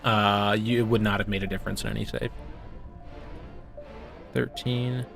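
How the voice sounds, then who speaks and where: A man running a tabletop game as game master, narrating the scene in a relaxed way with frequent ums and uhs. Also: on the low side, normal speed, gravelly, faint music behind.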